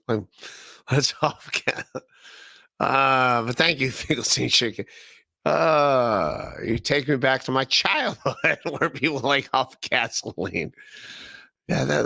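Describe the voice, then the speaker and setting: Podcast host, man, 30s, from Northeast Ohio; loose, profane rambler who laughs a lot, gravelly and punchy, dry close mic. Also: medium pitch, sharp tone, no room sound. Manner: rambling, profane, laughing often, repeating himself. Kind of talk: casual livestream chat reading chat comments.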